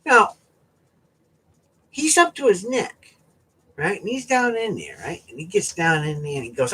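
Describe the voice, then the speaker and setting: A man from the US East Coast spins a casual anecdote, his husky voice swinging up high and jumping all over. He keeps checking in with "right?" as he goes. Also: measured pace, long pauses. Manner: animated, keeps asking "right?". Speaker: storyteller.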